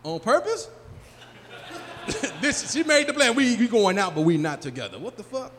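A man's voice: sits high, big pitch swings, a little fast, a bit bright. A man in his forties doing a loose, profane stand-up set and riffing with the crowd at a live comedy venue on a handheld mic. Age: 40s. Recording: live room reverb, faint crowd noise.

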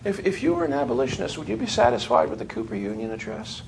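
Lively, laughing male history lecturer. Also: on the high side, fast, creaky, a little hiss or hum. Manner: animated storyteller, laughs while talking. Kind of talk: classroom lecture with anecdotes. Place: lecture room with students.

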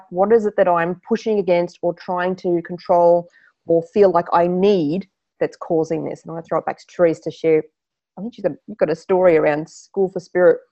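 A woman's voice: lowish voice, mellow, dull audio. A woman co-hosting a live-streamed chat, talking in a guiding, reflective way. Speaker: podcast co-host.

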